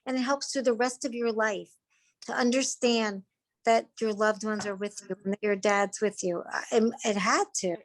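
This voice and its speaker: A woman who hosts the show as a psychic medium, speaking in a gentle, reassuring way. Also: mid-range voice, fairly even intonation, normal speed. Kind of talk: podcast talk.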